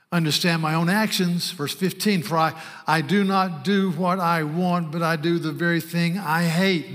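Male pastor, fairly high voice, earnest emphatic sermon delivery, long hall reverb. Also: a bit bright. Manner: earnest, emphatic preaching with slowed stresses.

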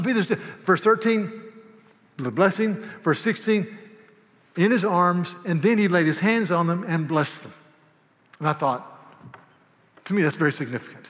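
A man preaching a sermon as pastor, swinging from hushed, tender asides to loud, emphatic declarations. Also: fairly high pitch, expressive, moderate pace. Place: church sanctuary. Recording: long hall reverb.

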